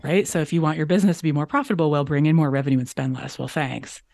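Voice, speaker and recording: A woman's voice: deep voice, very fast, a little mellow, no room sound, studio quality. A woman guest on a business podcast, talking emphatically and repeating phrases for stress. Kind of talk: conversational interview.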